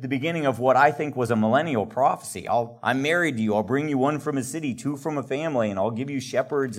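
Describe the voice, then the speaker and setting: An older man teaching a classroom Bible lecture in an earnest manner, growing animated when he reads quotes aloud. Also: mid-range voice.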